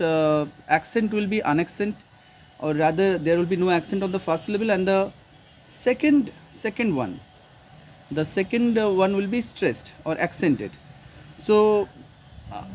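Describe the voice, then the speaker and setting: A man with an Indian English accent and a fairly high voice talks through a literature lesson. He pauses on fillers and restarts his phrases, explaining step by step. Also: darkish tone, a little hiss or hum. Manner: hesitant, repeats himself with many fillers. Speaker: teacher. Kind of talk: casual online literature lesson.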